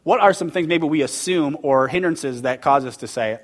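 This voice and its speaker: A man's voice: fairly high pitch, moderate pace. A man teaching a church group in a casual, interactive sermon, quizzing his listeners and growing emphatic and emotional. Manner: conversational and emphatic, quizzing the audience; gets heated and emotional.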